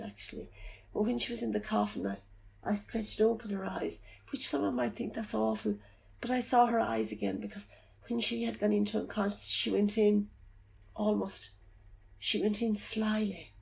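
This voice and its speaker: A middle-aged woman telling of her loss in an interview. She talks haltingly and softly, often searching for words. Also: mid-range voice, steady tone, vocal fry, a little hiss or hum. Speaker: bereaved mother telling her story. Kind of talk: personal account in an interview.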